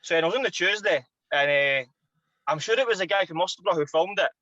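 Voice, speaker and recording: A Scottish man in his thirties, a former footballer and podcast guest, telling an animated, sweary anecdote. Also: high-pitched, fast, dry recording, dull audio. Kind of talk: casual storytelling.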